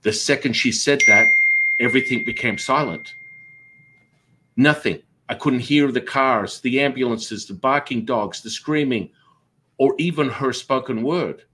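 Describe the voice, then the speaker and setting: A man, a Taoist master, telling stories in an interview in a lively way, acting out remembered dialogue. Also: mid-range voice, unhurried, slight background noise. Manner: animated, acts out remembered dialogue. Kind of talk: personal storytelling in an interview.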